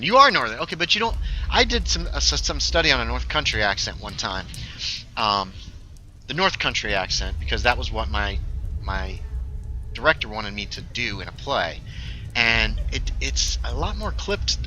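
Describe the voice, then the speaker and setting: A man's voice: medium pitch, lively intonation, moderate pace, sharp tone, slight background noise, rough recording. A man chatting casually while streaming a story game, joking with his viewers. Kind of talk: casual gaming livestream commentary.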